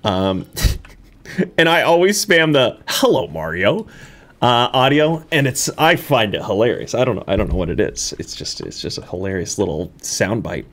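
A man in a casual let's-play commentary, rambling and self-mocking, bursting into high excited laughter. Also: moderate pace. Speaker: gaming YouTuber. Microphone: desk microphone.

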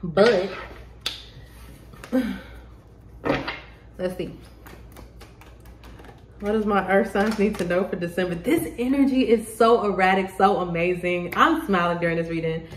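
A woman giving a casual tarot reading to the camera, excitable, laughing often and swearing freely. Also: medium pitch, a little slow, long pauses, a little hiss or hum. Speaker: tarot reader. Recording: roomy echo.

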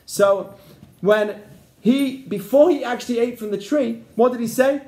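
A man's voice: sits high, lively intonation, normal speed, darkish tone. A man, a rabbi, teaching an interactive lesson and often checking in with his listeners. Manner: keeps checking in with the class. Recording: echoey room.

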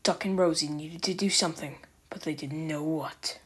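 A woman narrating a children's storybook with calm, even storytelling. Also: low-pitched, normal speed, slightly rough. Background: background music.

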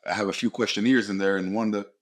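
A man's voice: fairly low pitch, fairly even intonation, very fast. A man hosting a motivational podcast, talking bluntly and with lots of swearing, hammering his points home with short repeated phrases. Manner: blunt, profane and emphatic. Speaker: podcast host.

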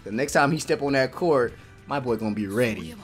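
Excitable man hyping up an anime. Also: medium pitch, a little fast, soft background music. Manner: excitable, hyped, cheering and laughing often. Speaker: anime reaction host. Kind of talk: casual reaction commentary.

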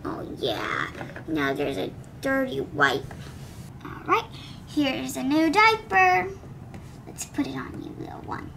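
A woman's voice: high voice, wildly swooping pitch, slow pace, noisy background, heavily acted. A woman voicing a kind, busy daycare teacher doll in doll play, chatty and soothing toward the children. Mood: busy fussing.

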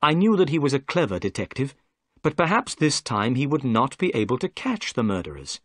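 Man, story narrator, measured clear reading, expressive pitch, dry sound. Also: dry recording. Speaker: story reader. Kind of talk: graded-reader narration for English learners.

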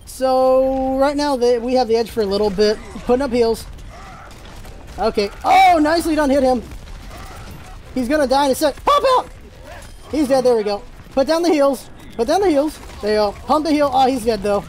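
A gaming channel host giving live gameplay commentary, excitable and firing off rapid callouts to teammates. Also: high-pitched.

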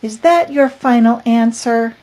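An older woman voicing a bossy, exasperated cat in a storybook read-aloud, loud and emphatic, with a husky voice. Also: fairly high pitch, a little slow, close to an everyday voice. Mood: insistent. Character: bossy cat insisting everyone meow.

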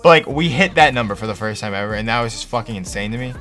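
A young man streaming live, chatting casually with his viewers in an excitable, profane, hyped-up way. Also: on the low side, rapid-fire, soft background music. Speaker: Twitch streamer. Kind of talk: casual livestream chat.

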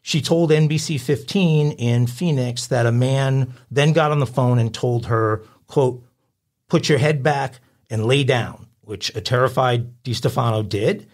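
A man's voice: medium pitch, unhurried. Male podcast co-host, casual news read, filler-heavy. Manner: reads news stories aloud with filler uhs and asides. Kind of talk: casual chat, reading crime news.

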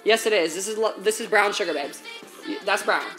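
A woman's voice: mid-range voice, fairly quick, a bit bright, faint music behind. A young woman streaming while she bakes, chatting in slangy, profane valley-girl talk straight to her viewers from a home kitchen. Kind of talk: casual baking livestream chat.

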